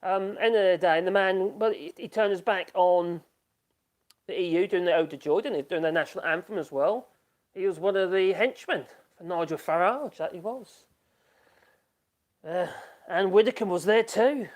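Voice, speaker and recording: A man's voice: high voice, normal speed. A man hosting a casual live stream from his home workshop, chatting loosely and laughing often as he reads out and reacts to viewer comments.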